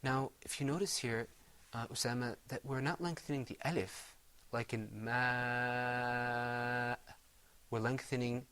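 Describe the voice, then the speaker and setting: A middle-aged man teaching Quran recitation on a televised lesson, his voice sitting at an ordinary middle pitch. He explains patiently, step by step, and breaks into chanted Arabic examples for the class to repeat. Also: steady tone, takes it slowly, fairly bright tone, smooth.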